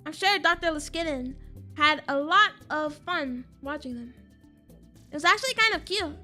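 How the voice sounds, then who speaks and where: A woman's voice: high-pitched, animated, moderate pace, pushed and bright, soft background music. A young woman streaming a game, joking dramatically and reading its text aloud in a casual chat.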